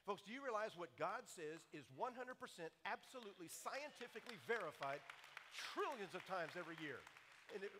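A man's voice: high-pitched, very animated, brisk, pushed and bright, a faint crowd, a little hiss or hum. A man giving a sermon-style talk in a large hall, telling a story with emphatic repetition. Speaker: speaker on creation.

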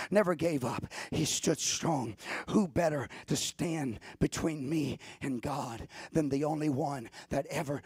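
Man, preacher, sermon, rhythmic repeated phrases, high voice, gravelly. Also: no room sound.

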